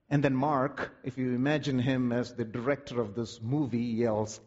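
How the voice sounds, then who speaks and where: A man preaching a sermon with dramatic, vivid storytelling and drawn-out words. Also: mid-range voice, fairly even intonation, a little mellow, in a large hall, lo-fi sound.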